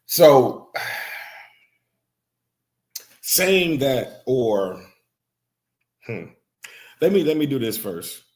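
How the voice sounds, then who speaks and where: A man's voice: medium pitch, sing-song, takes it slowly, pauses often. A man co-hosting a podcast, laid-back and playful in casual chat, reading out listener comments. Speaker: podcast co-host.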